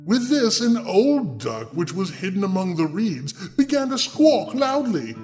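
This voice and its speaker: Male storyteller host, high and expressive; reads the tale straight, then mocks it in sarcastic asides; faint guitar bed. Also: a little slow. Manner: sardonic, mocking asides to the listener. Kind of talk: dramatic fairy tale reading with sarcastic asides.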